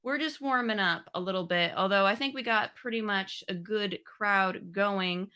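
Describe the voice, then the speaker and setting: A woman's voice: mid-range voice, normal speed, sharp tone, clear, resonant tone. A woman co-hosting a podcast livestream, greeting viewers by name and chatting in a loose, scattered way. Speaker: podcast co-host. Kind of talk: casual livestream chat.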